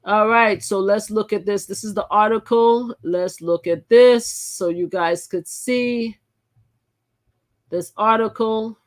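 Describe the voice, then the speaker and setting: A woman's voice: medium pitch, slow pace. A woman hosting a live channel, reading articles aloud and commenting in a chatty way, often repeating and restarting her phrases. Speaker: channel host.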